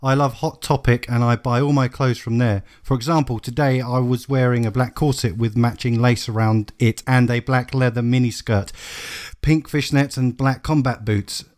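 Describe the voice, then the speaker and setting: A man co-hosting a podcast, reading a bad fanfic aloud in a deadpan comedic style. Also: mid-range voice, normal speed. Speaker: podcast co-host.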